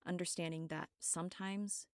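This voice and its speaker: A woman reads her own dark story aloud in a steady, dramatic way. Her voice is low and gravelly with vocal fry. The recording is dry and close. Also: moderate pace, dry recording. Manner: steady, dramatic first-person reading. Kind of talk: audiobook narration.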